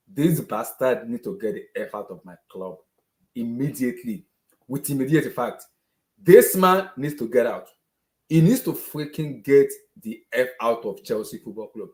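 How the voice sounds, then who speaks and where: A man, ranting as a football fan to camera, exasperated and repeating the same phrases over and over. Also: mid-range voice. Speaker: football fan channel host. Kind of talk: angry fan rant to camera.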